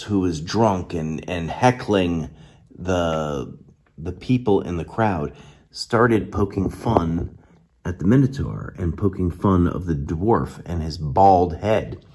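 A man's voice: low voice, slightly rough. A man recapping his tabletop session and giving casual advice as a dungeon master, rambling along with many restarts.

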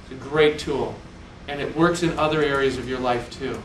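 A man's voice: medium pitch, normal speed, a little hiss or hum. Man speaking in an echoey hall. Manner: animated storytelling with self-mocking humor. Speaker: motivational speaker. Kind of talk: live public speech. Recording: echoey hall, distant mic.

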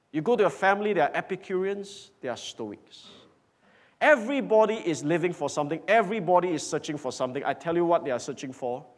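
A man preaching a sermon in a church hall, emphatic, swinging from loud declarations to hushed whispers. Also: a little high. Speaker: pastor.

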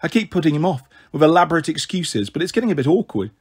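Man reading a novel out loud, expressive, a bit husky, slightly high voice. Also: quick pace. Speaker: storyteller.

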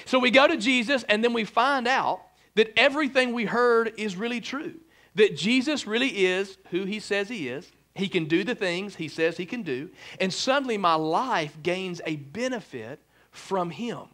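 High-voiced joking pastor. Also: male voice, moderate pace. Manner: joking, animated, fillers like "like" and "right?". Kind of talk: humorous sermon. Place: church sanctuary.

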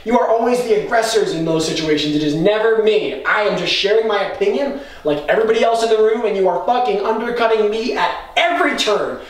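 An actor playing a defensive movie fan who argues quickly and heatedly, with a lot of swearing. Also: male voice, sits high, lightly acted. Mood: furious. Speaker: lead actor. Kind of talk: indie film drama acting. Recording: far-off mic in an echoey room, faint noise.

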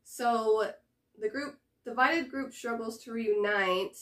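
A woman's voice: on the high side, takes it slowly, fairly bright tone. A woman hosting a reaction video, chatting casually to camera and thinking aloud with fillers and hesitations.

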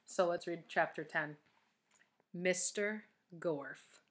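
A woman reading a children's chapter book aloud, expressive and speaking directly to young listeners. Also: on the low side, slow. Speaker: storybook reader.

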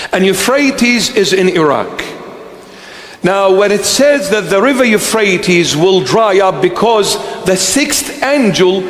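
A man preaching a sermon as a bishop, whose first language is Aramaic, speaking slowly and repeating phrases for emphasis in a church. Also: high voice, a bit bright. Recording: echoey church hall.

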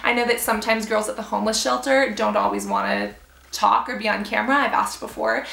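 Earnest young woman vlogger, gravelly edge. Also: medium pitch, animated, a little fast, pushed and bright, reverberant. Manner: earnest, encouraging, reflective. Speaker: beauty vlogger. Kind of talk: heartfelt talk to camera.

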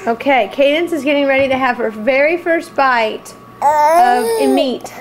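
A woman's voice: high-pitched, unhurried, music in the background, poor audio. A woman filming her babies at home on a handheld camcorder, playful and cooing, laughing often as she talks to them. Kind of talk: home video chat. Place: at home indoors.

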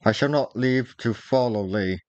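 A man's voice: mid-range voice, normal speed, darkish tone, dry recording, highs cut off, lightly acted. A man reading aloud, voicing a dogged, devoted young lad who speaks in old-fashioned phrasing.

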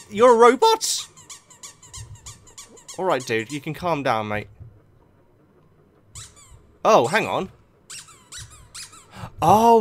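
A young man narrates his gameplay in a slightly high voice. His pitch swings widely as he reacts excitably, often talking straight to the game. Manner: excitable, talks to himself and the game. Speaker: gaming video host. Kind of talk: let's play commentary.

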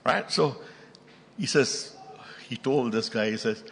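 Emphatic Indian preacher in a reverberant hall. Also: male voice, mid-range voice, expressive, slow, vocal fry, slight background noise. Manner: emphatic storytelling, rising to loud bursts. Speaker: pastor. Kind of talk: sermon. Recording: long reverb of a large hall.

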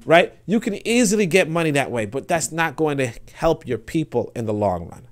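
A man's voice: on the high side, animated, brisk, few pauses, darkish tone. A man giving impassioned, profane commentary, reading an article aloud and reacting to it, often repeating himself. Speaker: political commentator.

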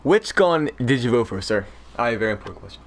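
A man hosting a gaming video, narrating in a casual, energetic way and talking straight to his viewers. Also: mid-range voice, fast, very noisy. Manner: energetic, chatty, addresses viewers directly. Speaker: gaming YouTuber.

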